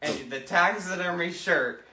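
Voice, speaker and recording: Bright-voiced man co-hosting a livestream. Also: high-pitched, a little slow. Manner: chatty, plain, reads out orders. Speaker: co-host taking orders. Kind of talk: casual livestream chat. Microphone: phone livestream.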